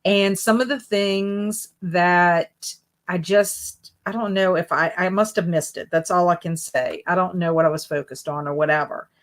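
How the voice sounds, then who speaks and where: A woman's voice: on the low side, fairly even intonation, normal speed. A woman hosting a casual reading livestream, reading out viewer comments and greeting each person by name in a friendly way. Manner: friendly, jumps up bright on greetings. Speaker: booktube livestream host.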